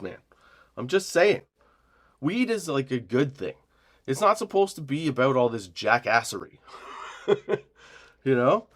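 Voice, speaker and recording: A man in his forties hosting a comedy podcast, telling a rambling, profane story about a job, laughing often and mimicking the people in it. He says he is high while talking. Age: 40s. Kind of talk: casual storytelling rant.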